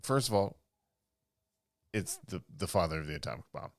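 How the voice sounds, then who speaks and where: A man's voice: sits low, lively intonation, moderate pace. A man co-hosting a podcast in casual chat, rambling with lots of fillers and laughing as he talks. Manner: rambling, filler-heavy, laughs mid-sentence. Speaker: podcast co-host.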